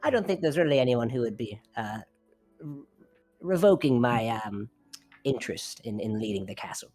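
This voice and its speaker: A man voicing a weary female dwarf noble in a tabletop game, speaking in a hesitant, halting way. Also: medium pitch, expressive, a little mellow, faint music behind, lightly acted.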